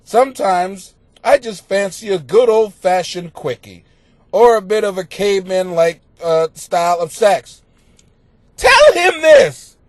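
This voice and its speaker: A man hosting a comedy podcast, reading out listener questions and answering them in a crude, profane, mocking rant that swings into yelling. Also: sits high, very animated, unhurried, no room sound. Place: home basement.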